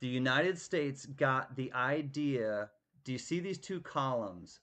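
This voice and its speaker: A man's voice: medium pitch, lively intonation, slow pace, bright, forceful tone. Chatty male live auctioneer. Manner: chatty, tells jokes, thanks bidders by name. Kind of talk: live-stream auction patter.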